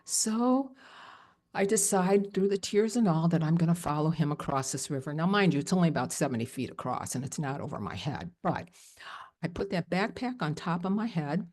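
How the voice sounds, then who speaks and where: A woman shares a personal story at a live storytelling event. Her voice sits low and sounds mellow and warm. She tells it in an animated, emotional way, full of fillers. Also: moderate pace.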